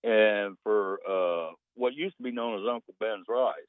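A man's voice: fairly low pitch, unhurried, no room sound. A man calling in to a talk radio show, rambling and wry. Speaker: caller. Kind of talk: phone-in chat. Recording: tinny phone line.

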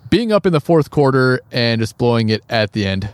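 A man talks through football results in a relaxed podcast chat. His pitch swings a lot as he talks, and he laughs easily and hedges often. The room sounds dry. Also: brisk, clear, resonant tone, dry recording. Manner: laughing easily, hedging with "I mean". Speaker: podcast co-host. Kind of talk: casual sports chat.

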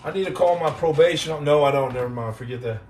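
A man hosting a casual live podcast, joking and teasing viewers in slangy talk that drops into low mutters. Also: quick pace, a little mellow, slight background noise. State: on house arrest. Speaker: podcast host reading live chat. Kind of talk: casual live-stream chat.

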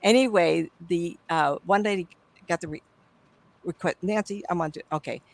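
A woman's voice: fairly low pitch, moderate pace, creaky, no echo, poor audio. A middle-aged woman, a psychic medium, telling stories as an interview guest, rambling and correcting herself as she goes. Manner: rambling, self-correcting, drifting between asides. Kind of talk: storytelling in an interview.

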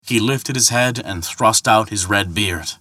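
A man telling a myth as scripted narration, in a measured storytelling manner. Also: lowish voice, pushed and bright, no echo, clean studio sound.

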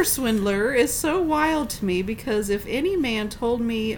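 A woman co-hosting a casual chat, reading funny tweets aloud with a giggly, deliberate delivery. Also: fairly high pitch, slight background noise, low-quality recording. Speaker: podcast co-host.

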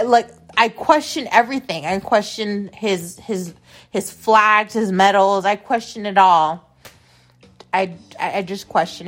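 Her voice is mid-range with a fairly bright tone. The young adult woman, a podcast host, delivers a casual monologue about something that happened to her, meandering, cursing bluntly and frequently repeating herself.

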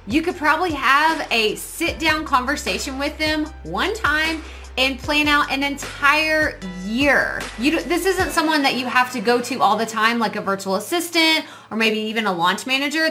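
Bright, chatty woman podcast coach. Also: high voice. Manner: chatty and upbeat, self-mocking asides. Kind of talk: casual advice talk to listeners.

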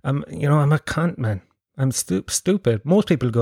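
A man hosting a podcast chats casually, rambling, swearing and making fun of himself. His medium-pitched voice has a dark tone and a moderate pace. The recording is studio quality with no room sound.

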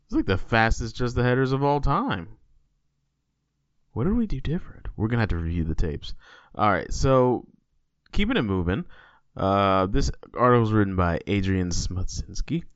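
Low-ish jokey podcast dude rambling along, dry muffled sound. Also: male voice, big pitch swings, normal speed, no room sound. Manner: loose, joking and rambling. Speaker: podcast co-host. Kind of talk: casual chat.

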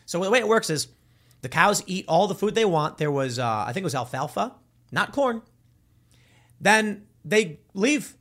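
Man, casual opinion monologue, lively swooping delivery, slightly higher voice, jokey. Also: normal speed. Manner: animated, joking, acts out quoted voices.

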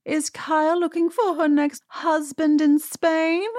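Woman mimicking a high, snooty socialite, put-on British accent, drawn-out scolding, dry sound. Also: flat delivery, darkish tone, no echo. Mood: snide. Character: haughty fashion-obsessed woman, mocking impression.

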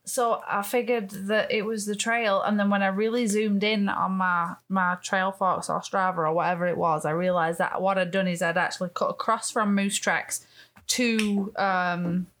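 A woman's voice: mid-range voice, fairly even intonation, moderate pace, fairly bright tone. Rambling woman telling a story. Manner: rambling storyteller, restarts and swears. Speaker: podcast co-host. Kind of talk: casual chat.

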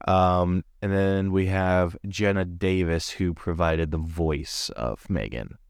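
A man's voice: low voice, slow, creaky, smooth, no echo, clean studio sound. A man co-hosting a casual movie review podcast, chatty and full of fillers. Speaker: podcast co-host.

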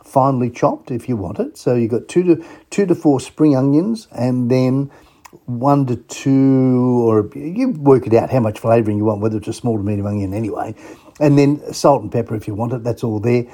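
Australian man, radio host, casual folksy chat, husky voice, enthusiastic. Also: mid-range voice, moderate pace, dark tone. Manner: chatty, folksy and enthusiastic, talks to listeners directly. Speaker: host of a travel radio show.

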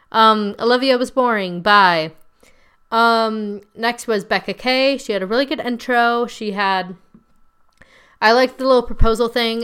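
A young woman talks in a loose, chatty way, drifting off on tangents and sprinkling "like" through her sentences. Her voice is clear and smooth, at a middle pitch for a woman. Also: fairly bright tone. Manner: chatty, rambling, heavy filler "like". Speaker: podcast host. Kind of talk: casual recap chat.

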